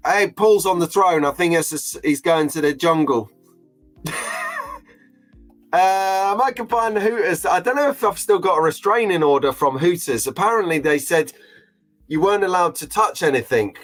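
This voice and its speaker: A man's voice: sits high, moderate pace, a bit bright, faint music behind. A middle-aged man hosting a live stream in a chatty, jokey, openly emotional way. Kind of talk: casual live-stream chat.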